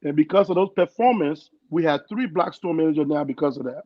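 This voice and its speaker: A young man with a foreign accent tells his story on a podcast, earnest and animated, acting out the people he quotes. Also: on the high side, fairly quick, no echo. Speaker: guest. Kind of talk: casual storytelling. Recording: dull lo-fi sound with loud noise.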